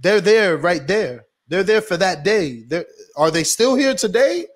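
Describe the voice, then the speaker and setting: High-voiced man, measured and insistent. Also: animated. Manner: measured, insistent, rhetorical questions. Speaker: interviewer, guest. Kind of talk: casual interview chat.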